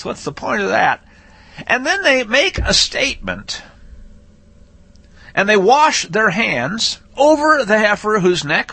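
A man teaching a Torah portion in a lively, folksy, conversational way, rereading verses with shifting emphasis. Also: high-pitched, creaky, husky, dry recording. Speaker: Bible teacher.

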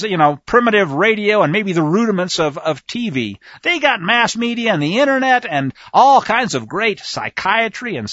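A man leads a conversational Bible study in a high voice that leaps around his range. He is emphatic and speaks straight to his listeners. The recording is dry and a little dull. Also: no room sound. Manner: animated, emphatic, talks to listeners directly. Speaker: Bible teacher.

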